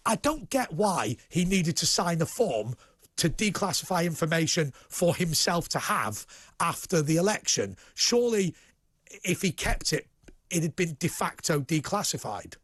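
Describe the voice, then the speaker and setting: Husky, animated British man. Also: a little high, moderate pace, no room sound. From United Kingdom. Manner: animated, repeats words when starting sentences. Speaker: TV host and political commentator. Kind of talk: casual studio interview.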